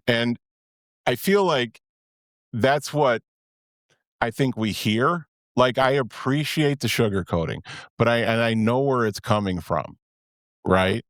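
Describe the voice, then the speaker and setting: A man's voice: medium pitch, expressive, slow pace, long pauses, no room sound, studio quality. A man in his fifties hosting a podcast, talking candidly in a rambling way and often breaking off mid-sentence. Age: 50s. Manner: candid, rambling, self-interrupting. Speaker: podcast host. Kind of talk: casual podcast chat.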